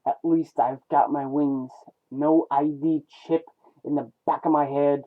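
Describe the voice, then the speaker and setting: A weary male robot warrior looks back on his lost world, voiced by a man reading a comic aloud. He speaks slowly and solemnly and stumbles over the odd name. The voice sits a little high, and it comes through thin and phone-like. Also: flat delivery, natural voice. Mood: somber. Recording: tinny phone-like lo-fi sound.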